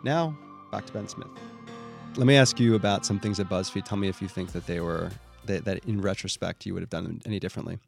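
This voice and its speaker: A man hosting a podcast interview, chatting quickly and often restarting his sentences. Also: low-pitched, creaky, faint music behind. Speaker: podcast host. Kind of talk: casual interview chat.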